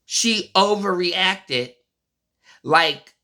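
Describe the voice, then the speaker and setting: A person in their forties vlogging a casual, blunt and profane monologue, telling stories in an animated way. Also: medium pitch, very slow. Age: 40s.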